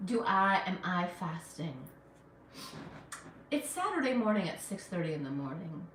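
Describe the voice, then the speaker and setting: A woman's voice: lowish voice, big pitch swings, normal speed, a bit bright, recorded from a distance, a little hiss or hum. A woman from Afghanistan hosting a casual cooking live stream in her kitchen. She chats along and reads out and answers viewer comments. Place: home kitchen. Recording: roomy kitchen sound, mic set back.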